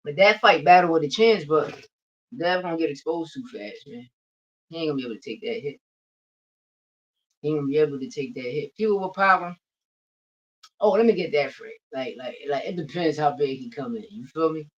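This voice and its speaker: A man's voice: fairly high pitch, brisk, long pauses. A man hosting a boxing podcast, ranting casually with brash, profane trash talk and repeating lines for emphasis. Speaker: podcast host. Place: livestreamed podcast. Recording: distant, dull lo-fi mic.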